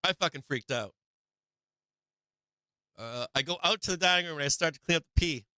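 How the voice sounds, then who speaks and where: A man's voice: fairly high pitch, lively intonation, a little fast, bright, forceful tone, clear, resonant tone, no room sound, poor audio. A man hosting a live stream, telling a rambling personal story with plenty of swearing and repetition. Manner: rambling, repeats himself, swears freely. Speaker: host of a live stock market show.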